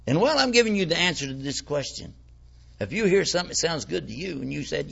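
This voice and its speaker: Gravelly man giving a folksy religious talk. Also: a little high, expressive, fast, a bit bright. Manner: folksy, conversational, rhetorical questions. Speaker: Islamic preacher. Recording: lo-fi dull recording.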